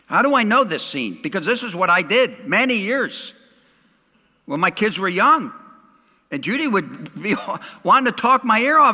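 A middle-aged male pastor preaching a sermon, swinging dramatically from loud to hushed. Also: sits high, very animated, normal speed, long reverb tail.

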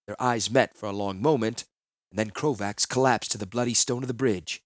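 A man narrating a fantasy audiobook in a solemn, measured manner. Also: fairly low pitch, dry recording.

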